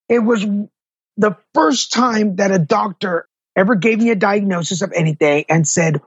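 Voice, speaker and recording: A man's voice: high-pitched, moderate pace, slightly rough, no echo, dull audio. A middle-aged man, a patient advocate, telling his personal story in an interview, earnest and candid. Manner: earnest, candid, self-deprecating.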